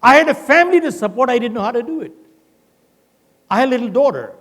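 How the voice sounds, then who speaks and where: Telling a story full of acted quotes, an older man from India gives a motivational keynote at a quick pace. His very high voice is animated and a bit bright, and the large conference hall adds long reverb.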